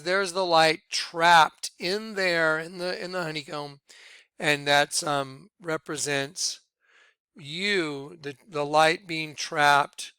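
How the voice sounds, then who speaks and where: A man leading a ministry, talking viewers through images on his screen in an excitable, repetitive way. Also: a little high, clean tone, no echo. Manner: excitable, repeats himself, points things out to viewers. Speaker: ministry leader presenting on screen. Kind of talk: screen-share commentary.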